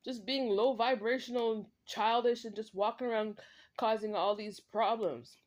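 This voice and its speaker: A woman's voice: on the high side, steady tone, moderate pace. A woman delivering a direct-to-camera spiritual monologue, emphatic and repetitive, with many "like" and "right?" tags and short laughs. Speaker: vlogger.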